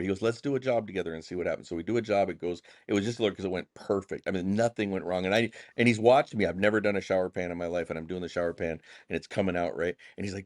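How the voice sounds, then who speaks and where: A man, a contractor and pastor, telling stories casually as a podcast guest, acting out the dialogue in animated bursts with folksy phrasing. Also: low-pitched, very fast, dry recording, studio quality. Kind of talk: casual storytelling interview.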